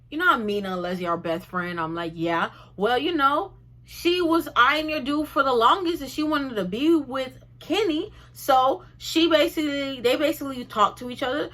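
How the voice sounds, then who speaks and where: A young woman telling a storytime in a chatty, animated way, often addressing her viewers directly. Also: high voice. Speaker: vlogger. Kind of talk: casual storytime vlog.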